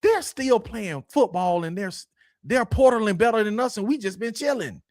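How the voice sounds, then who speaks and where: A man hosting a casual sports talk show, greeting viewers by name in a slangy, animated way. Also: high voice, normal speed, dry recording, clean studio sound.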